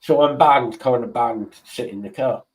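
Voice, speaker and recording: A man's voice: medium pitch, moderate pace, low-quality recording. A man who hosts a casual stream chat and tells blunt, swearing stories. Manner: swearing, blunt, animated storyteller. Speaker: stream host.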